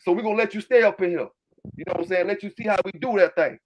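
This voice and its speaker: Loud high-voiced Southern man ranting. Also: very fast. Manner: loud, fired-up, profane, keeps repeating filler tags. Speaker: dog kennel owner and channel host. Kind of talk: livestream rant answering chat.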